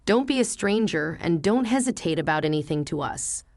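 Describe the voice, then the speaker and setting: A kindly older boss offers fatherly reassurance, with a lively rise and fall in the voice, as a woman reads him aloud. The recording is close and dry. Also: a little high, moderate pace, creaky, no room sound.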